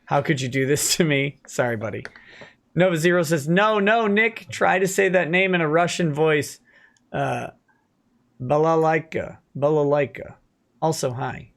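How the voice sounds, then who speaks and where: A man's voice: on the high side, measured pace, creaky, a bit bright. A man hosting a casual late-night livestream, reading viewer comments aloud and answering them with dry quips.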